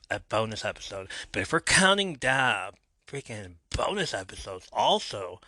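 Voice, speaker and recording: A man's voice: medium pitch, sharp tone, no room sound. A man hosting his own wrestling podcast, rambling casually with lots of fillers and restarts. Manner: rambling, filler-heavy, self-mocking. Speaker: podcast host. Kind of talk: casual solo podcast talk.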